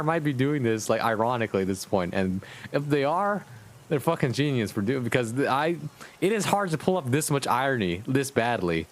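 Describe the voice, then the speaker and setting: A man's voice: mid-range voice, expressive, brisk. A man streaming live, chatting casually with his viewers in a crude, profane and sardonic way.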